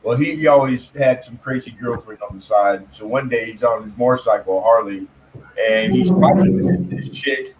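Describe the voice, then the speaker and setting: A man's voice: medium pitch, animated, moderate pace, rough recording. A man telling loose stories and jokes in casual chat, swearing freely and laughing often. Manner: profane storyteller, laughs often.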